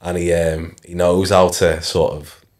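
A man's voice: low voice, measured pace. A man in his thirties with a Liverpool accent, a former footballer telling stories in a casual podcast interview. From Liverpool, England. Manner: relaxed storytelling, frequent "like" and "you know".

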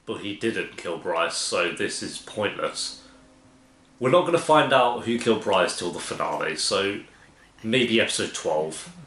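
A man hosting a TV reaction video, making sarcastic, quick asides while he watches. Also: low voice, animated, a bit bright, a little hiss or hum. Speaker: TV reaction host. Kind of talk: casual reaction commentary. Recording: roomy echo.

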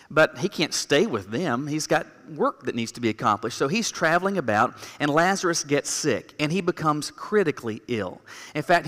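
A man preaching from the pulpit, his tone bright and a touch higher than most men's. He talks through the passage in a plain, conversational way, tying it to everyday life. His voice rings out with a long church reverb behind it. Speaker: pastor. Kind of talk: sermon. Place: church sanctuary.

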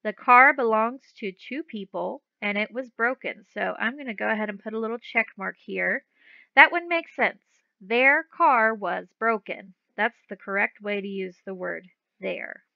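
A woman's voice: medium pitch, animated, normal speed, creaky, dry recording, lo-fi sound. A woman teaching a phonics lesson to young children, patiently sounding out letters and words and repeating them.

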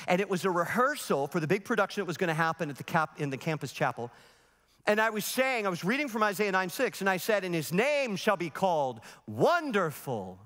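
Man preaching, lively high voice, animated storyteller, long hall reverb. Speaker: pastor. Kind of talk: sermon. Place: large church sanctuary.

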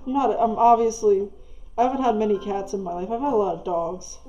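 A woman's voice: medium pitch, a little fast, mellow, highs cut off. A woman giving casual, gushing gameplay commentary as a let's play gamer. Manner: gushing, easily delighted.

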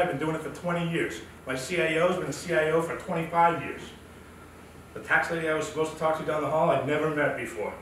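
A man's voice: fairly high pitch, a little hiss or hum. A middle-aged man giving a humorous, self-mocking storytelling talk at a professional event, recorded in a meeting hall. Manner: animated, self-mocking, acts out quotes. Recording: echoey room, mic from far off.

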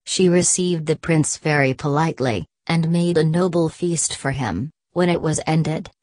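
A woman narrating a bedtime audiobook in a slow, soothing, even reading. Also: low voice, dry recording.

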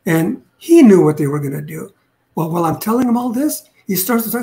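High-voiced older man telling a story. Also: animated, brisk, gravelly, mellow. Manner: rambling, restarts, acts out quotes. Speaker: retired police detective. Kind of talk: casual storytelling interview.

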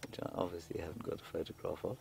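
A man giving live safari commentary outdoors in the bush, chatting through viewer questions and dropping to a hushed, excited voice when animals appear. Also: low voice, very fast, creaky, slight background noise. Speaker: safari guide presenter. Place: outdoors in a game vehicle in the bush.

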